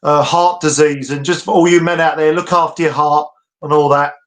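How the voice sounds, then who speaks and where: A man's voice: fairly high pitch, steady tone, fairly quick, fairly bright tone. A British man ranting animatedly as co-host of a casual boxing podcast, laughing often.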